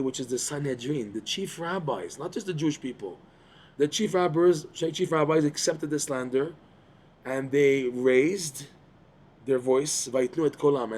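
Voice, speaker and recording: Animated man teaching a Torah class. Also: mid-range voice. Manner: animated, repeats words, asks listeners to follow. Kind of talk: Torah class explaining texts.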